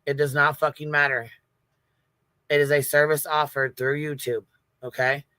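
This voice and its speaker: A man's voice: on the high side, little pitch movement, moderate pace, sharp tone, clear, resonant tone, no room sound. A man hosting a livestream, talking bluntly in casual commentary and swearing constantly. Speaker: livestream host.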